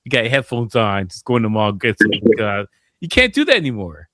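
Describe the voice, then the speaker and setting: A man's voice: fairly low pitch, wildly swooping pitch, a little fast, bright, forceful tone, dry recording, clean studio sound. A man who is a DJ and producer, chatting casually on a podcast, laughing often and acting out his own past thoughts as quotes.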